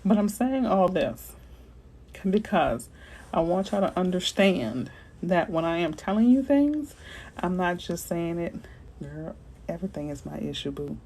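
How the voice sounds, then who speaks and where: A woman realtor from Florida chatting casually with viewers on a livestream, animated and slangy, answering their comments as they come in. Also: fairly low pitch, unhurried, slightly rough, low-quality recording.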